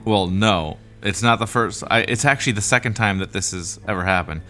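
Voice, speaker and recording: A man's voice: lowish voice, brisk, bright, forceful tone, faint music behind. A man hosting a podcast in casual chat, rambling with lots of fillers and laughing easily. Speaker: podcast host.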